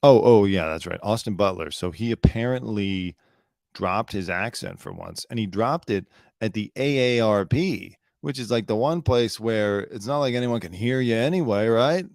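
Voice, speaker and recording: A man's voice: on the low side, moderate pace, creaky, darkish tone, dry recording. Dry-voiced sarcastic male commentator. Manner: sarcastic, rambling, swears freely. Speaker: show host. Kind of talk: casual solo commentary.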